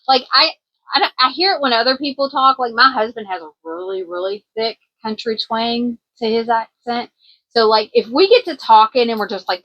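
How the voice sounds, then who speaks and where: A woman's voice: fairly high pitch, animated, normal speed, muffled recording. A woman from Kentucky with a country twang, chatting casually in a craft vlog as a small business owner, rambling a little with plenty of ums. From Kentucky, USA. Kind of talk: casual show-and-tell vlog.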